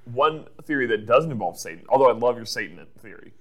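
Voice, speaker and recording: A man co-hosting a podcast recaps things in casual chat, his medium-pitched, fairly bright voice animated throughout. He laughs quickly and often and uses many fillers.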